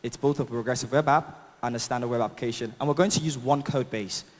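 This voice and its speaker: This conference speaker is a man with a non-native English accent and a medium-pitched voice, talking at a quick pace. His cheerful, chatty tech talk with a live demo echoes with the long reverb of a large hall, and he fills it with fillers and laughs at his own jokes.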